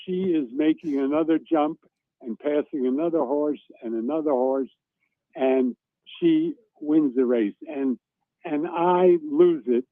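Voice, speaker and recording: A man, a former racing reporter, telling a lively story as a guest on a talk show and acting out the shouts he remembers. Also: fairly high pitch, measured pace, no echo. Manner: animated anecdotal storytelling, acts out shouts. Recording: dry tinny phone line.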